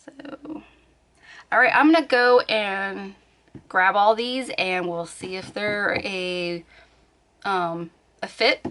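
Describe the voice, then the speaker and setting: A woman's voice: medium pitch, takes it slowly, pauses often, fairly bright tone. A woman vlogging from her bed at home, chatting casually, thinking aloud and laughing often. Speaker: beauty vlogger. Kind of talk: casual chat.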